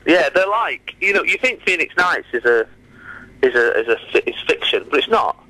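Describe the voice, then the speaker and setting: Bright-toned Northern English comedian. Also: male voice, fairly high pitch, sing-song, no echo, poor audio. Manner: chatty, laughing storyteller with quick asides. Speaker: comedian guest. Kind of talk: casual radio interview chat.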